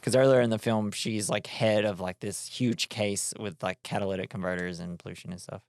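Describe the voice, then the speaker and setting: A man's voice: lowish voice, fairly even intonation, brisk, no echo. Man recapping a film, dry sound. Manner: rambling, filler-heavy, laughs often. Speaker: podcast co-host. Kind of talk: casual movie recap chat.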